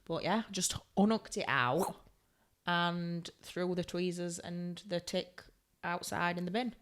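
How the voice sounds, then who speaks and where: A woman's voice: on the low side, slow pace. A woman, a beauty therapist co-hosting a podcast in casual chat, telling stories animatedly and acting out what people said. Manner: animated storytelling, acts out quotes.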